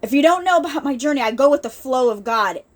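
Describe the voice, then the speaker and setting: A woman's voice: high-pitched, lively intonation, fast talker. A woman hosting an unscripted ministry video, giving an earnest, rambling spiritual testimony with many restarts and asides, emotional at times.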